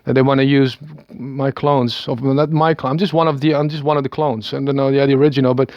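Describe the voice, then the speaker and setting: A Dutch video maker in his thirties, from the Netherlands, speaks with a Dutch accent in a hesitant, rambling self-recorded monologue full of stammered restarts and small chuckles. His medium-pitched voice is level, fast and a little mellow. There's no room sound, and the audio is lo-fi.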